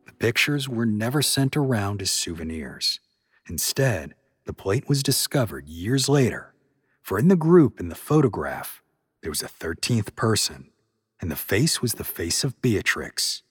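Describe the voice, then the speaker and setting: Expressive male storyteller, lively pitch. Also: husky, no room sound, clean studio sound. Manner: expressive, measured. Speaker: podcast reader. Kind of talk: storytelling narration.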